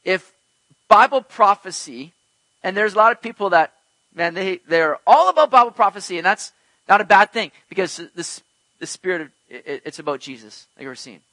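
A man's voice: sits high, expressive, normal speed, sharp tone, no room sound, low-quality recording. A man preaching an earnest expository sermon as pastor, teaching emphatically with rhetorical questions.

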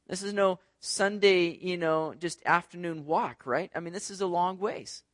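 A man's voice: high voice, moderate pace, a bit bright, no room sound. A man preaching a sermon to a congregation in a conversational way, often checking in with "right?". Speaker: pastor. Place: church service.

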